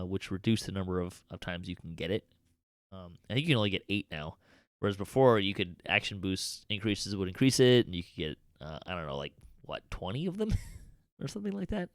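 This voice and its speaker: Low-voiced man hosting a chat. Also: fairly bright tone, clean tone, no echo, clean studio sound. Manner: hesitant, many fillers and restarts. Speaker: podcast host. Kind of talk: casual roundtable chat.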